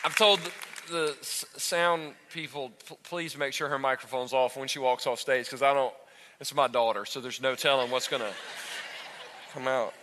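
A man in his thirties preaching a sermon to his congregation on a church stage, animated and talking straight to the crowd. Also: medium pitch, moderate pace, background noise. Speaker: pastor. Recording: echoey hall with long reverb.

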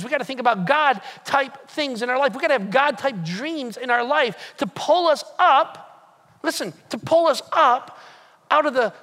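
A man's voice: very high voice, bright, forceful tone. A man preaching a sermon as pastor, emphatic and repetitive, pushing his points again and again with rising and falling force. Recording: long hall reverb.

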